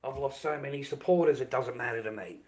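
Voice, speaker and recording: A man's voice: mid-range voice, quick pace, a little mellow. An Australian man ranting casually on his live stream, profane, rambling and dismissive.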